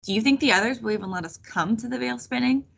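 A woman's voice: fairly high pitch, quick pace, creaky, fairly bright tone, slightly rough, heavily acted. A woman reading aloud voices a curious young girl witch who asks eager questions.

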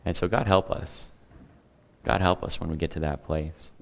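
A man's voice: low-pitched, moderate pace, vocal fry. A man preaching a sermon in a conversational way, with humor and asides to the congregation. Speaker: pastor.

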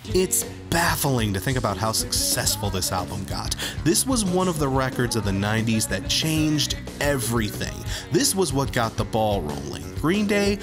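A man's voice: mid-range voice, big pitch swings, moderate pace, few pauses. A man in his thirties, a rock critic host, delivering scripted music review commentary in an emphatic, sardonic way.

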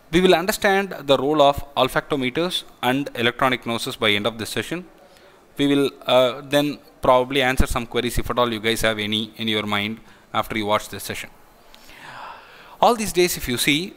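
A man's voice: mid-range voice, a bit bright, in a large hall. A man giving an explanatory technology lesson in a patient tone, with frequent fillers. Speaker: lecturer.

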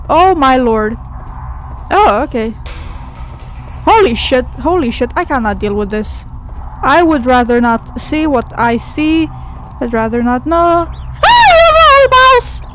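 A woman's voice: sits high, expressive, a little slow, a little hiss or hum, rough recording. A woman playing a horror game on video, jumpy and swearing constantly, shrieking at scares. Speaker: gaming video creator. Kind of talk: horror game playthrough commentary.

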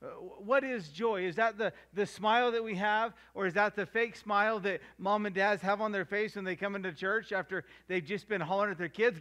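With a high-sitting, sharp-toned voice, a middle-aged man preaches from the pulpit. He slows down to stress the verses he cites and plays out household moments in voices.

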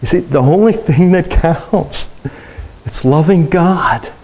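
A man's voice: fairly high pitch, slow pace, warm tone, rough recording. A middle-aged man, a pastor, preaching a sermon to a congregation, telling personal stories in a conversational way and asking the room questions.

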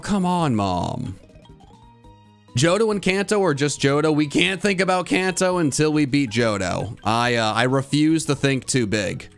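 A man streaming a video game live, chatting with his viewers and breaking into loud, frustrated outbursts. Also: medium pitch, creaky, smooth. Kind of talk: live gameplay commentary.

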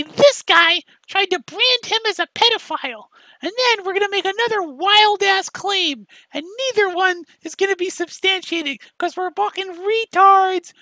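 A man's voice: pushed and bright, no echo, exaggerated voice, rough recording. A man doing a mocking impression of a whiny, self-pitying young man who nags a rival with repetitive questions. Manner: nagging, repetitive, shrill questioning. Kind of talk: mocking impression in a commentary video.

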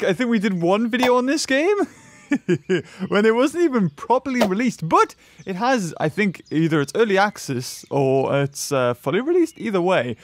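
A man hosting a gaming video, giving excitable gameplay commentary full of exclamations and laughter. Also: high-pitched.

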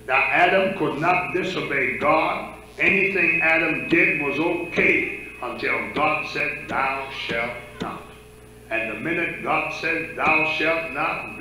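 A man's voice: on the high side, creaky, pushed and bright, a little hiss or hum. A man preaching a sermon in a church, talking conversationally and stopping to ask the congregation questions. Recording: echoey church sanctuary.

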